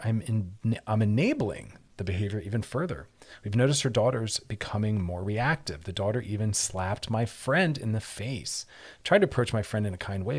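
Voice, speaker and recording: A man's voice: on the low side, breathy edge. A man hosting a radio advice show, explaining in an earnest way and often acting out short quoted exchanges. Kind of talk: casual advice talk on radio.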